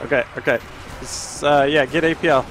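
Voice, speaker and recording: A man hosts a casual co-op gaming stream with friends. He jokes dryly in a slightly high voice. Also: steady tone, a little fast, background noise. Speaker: streamer, channel host.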